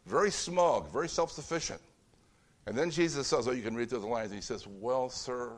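Man, preacher, conversational sermon, acts out voices, mid-pitched. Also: brisk. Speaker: pastor.

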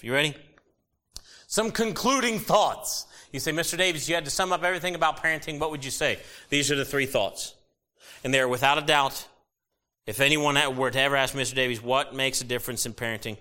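A middle-aged man preaching a sermon, animated and jokey with sudden loud bursts. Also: medium pitch, brisk. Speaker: pastor.

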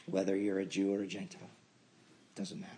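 A man preaching a sermon as pastor, building to emphatic loud peaks and then dropping to quiet asides. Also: deep voice, completely flat delivery, brisk, a little hiss or hum.

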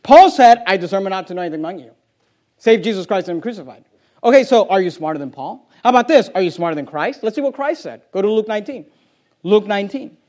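Pastor, male, strikingly high pitch; emphatic, combative pulpit delivery that drives points home by repetition. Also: animated, fast, darkish tone. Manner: emphatic and confrontational, repeats key phrases. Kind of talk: sermon.

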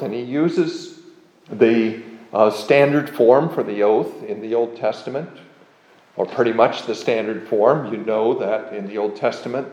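A man giving an expository Bible lecture, explaining verses with measured, emphatic readings of scripture. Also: medium pitch, warm tone, echoey room, dull audio. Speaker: Bible teacher.

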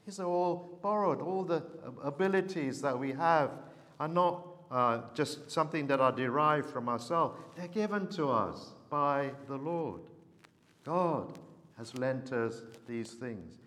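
A man preaching a sermon, telling a story in an earnest, unhurried way. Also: on the high side, lively intonation, fairly bright tone, big-room sound.

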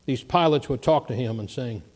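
A man preaching, telling a story in an animated way and acting out the voices of the people in it. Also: mid-range voice, moderate pace. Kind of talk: sermon storytelling.

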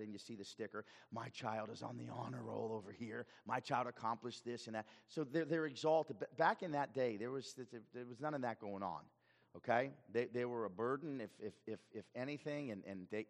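A male pastor preaching a sermon in an animated way, often repeating words as he goes. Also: medium pitch, in a large hall.

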